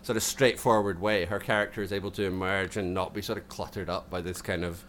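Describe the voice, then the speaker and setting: A man with a Scottish accent chatting casually on a podcast, self-deprecating and quick to laugh, with lots of restarts. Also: sits low, fairly even intonation, a bit bright, a little hiss or hum. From Scotland. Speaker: podcast co-host.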